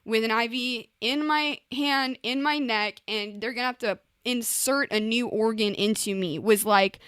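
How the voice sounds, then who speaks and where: A woman's voice: on the high side, a bit bright, no room sound. Candid young woman recounting hardship. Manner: emotional, frequent "like" and "you know", restarts, acts out her own past words. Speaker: recording artist guest. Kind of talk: candid interview storytelling.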